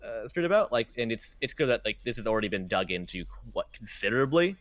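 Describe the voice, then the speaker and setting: A young man narrates as game master in a tabletop game, rambling and restarting his sentences as he goes. His voice is mid-pitched. The recording is dry and close. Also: very animated, fast talker, fairly bright tone, dry recording. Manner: rambling, full of fillers and restarts, laughs at himself.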